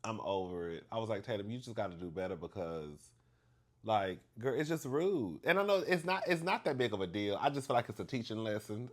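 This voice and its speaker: Man, lower-pitched, casual storytelling, animated, exaggerated emphasis, says "girl" a lot. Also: brisk. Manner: chatty, animated, addresses listener as "girl"; acts out dialogue with exaggerated emphasis. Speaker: vlogger telling a story.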